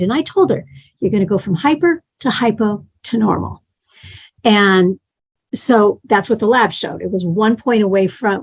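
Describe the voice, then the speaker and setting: A woman's voice: mid-range voice, slightly rough. Middle-aged woman teaching a health class in a loose, talky way, mid-range voice. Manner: conversational, tells patient stories, acts out quotes.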